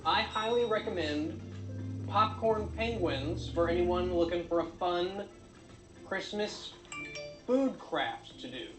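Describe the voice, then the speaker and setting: Deadpan man narrating a craft video. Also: high-pitched, slow, reverberant, over music, rough recording. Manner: deadpan, with frequent uh fillers. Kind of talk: dry comedic narration.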